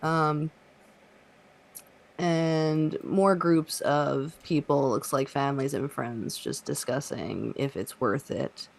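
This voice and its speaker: A woman's voice: deep voice, slow, gravelly. A woman game master who narrates a tabletop role-playing game casually, with many fillers.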